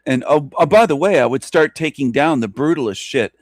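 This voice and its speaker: A man hosting a solo radio monologue, ranting emphatically and repetitively with mocking chuckles and sudden jumps in pitch. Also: expressive, a little fast, no room sound, clean studio sound. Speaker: radio show host.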